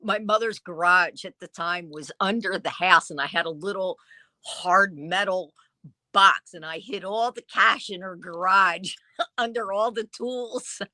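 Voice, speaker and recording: A woman vintage dealer telling stories in a casual interview, acting out what people said with lively quoted dialogue. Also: lowish voice, unhurried, no echo. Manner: lively storyteller who acts out quoted dialogue. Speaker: vintage dealer and online seller.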